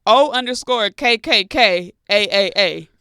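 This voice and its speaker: A woman co-hosting a radio podcast in casual chat, playful and quick to laugh. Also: medium pitch, expressive, sharp tone, smooth, no echo, studio quality. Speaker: co-host.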